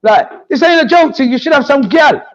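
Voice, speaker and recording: A man, a DJ guest telling stories in lively, laughing podcast chat. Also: extremely high pitch, brisk, muffled recording. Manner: lively storytelling, frequent laughter.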